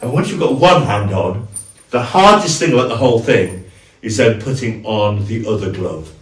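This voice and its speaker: A man casually walking through his costume, chatty and halting, with fillers and restarts. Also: fairly low pitch, expressive, echoey room, far from the mic. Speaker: cosplayer, video host.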